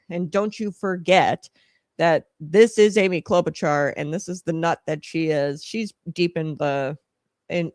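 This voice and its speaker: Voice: medium pitch, no echo, clean studio sound. A host of a political commentary show, talking casually in a rambling, scornful way full of fillers and asides.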